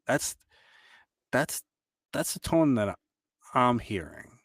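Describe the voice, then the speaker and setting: A man co-hosting a podcast in casual chat, easygoing and quick to agree and laugh along. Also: medium pitch, expressive, no echo, recorded from a distance. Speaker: podcast co-host. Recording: dry voice a bit off the mic.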